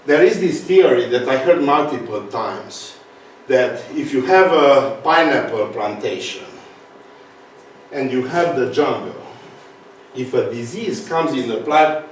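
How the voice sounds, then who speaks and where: A man with a Romanian accent gives a conference talk, pausing on fillers and restarting his sentences. He is picked up from far off in a large, strongly echoing hall. A faint hum of room noise sits under him. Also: mid-range voice, animated. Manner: halting, restarts, frequent fillers. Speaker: speaker.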